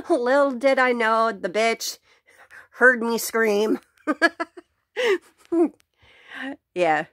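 Slow-talking woman ranting blunt and profane. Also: fairly high pitch, a bit bright, no echo, clean studio sound. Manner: blunt and profane, laughs between sentences. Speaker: vlogger. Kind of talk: casual venting rant to camera. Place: at home.

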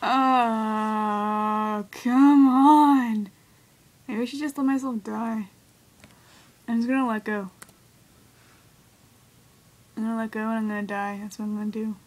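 A woman's voice: mid-range voice, flat delivery, unhurried, long pauses, low-quality recording. A woman doing let's play commentary, yelping and squealing as she reacts to the game. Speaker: gamer.

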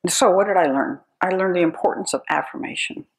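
In a brisk lecture, an older American woman with a voice on the low side tells humorous anecdotes wryly, like a storyteller, laughing at her own stories. The recording quality is low.

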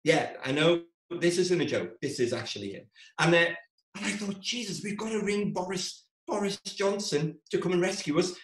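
A man telling a comic story to a live-streamed audience, acting out his own panicked lines in a shrill voice. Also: lively intonation, moderate pace, reverberant, low-quality recording. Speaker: stand-up storyteller.

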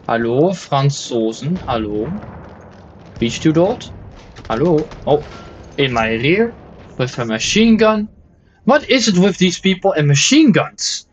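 A man's voice: a little high, lo-fi sound. A man playing a shooter game and commenting with exasperated, swearing jokes, sometimes slipping into mock German. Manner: exasperated, swearing, joking complaints; switches into mock German and Dutch. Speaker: gaming video host. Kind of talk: let's play commentary.

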